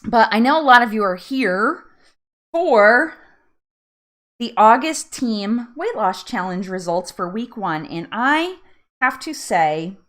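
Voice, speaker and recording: A woman from New Jersey hosts a casual live chat from home, talking to her viewers. Her pitch swings widely while her pace stays easy and slow. She laughs often and wanders off on tangents. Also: sharp tone. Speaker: live stream host.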